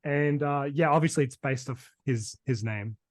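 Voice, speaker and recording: A man's voice: medium pitch, moderate pace, no echo. A man with a Brisbane Australian accent, chatting casually on a podcast, rambling with lots of fillers. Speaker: podcast co-host. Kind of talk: casual chat.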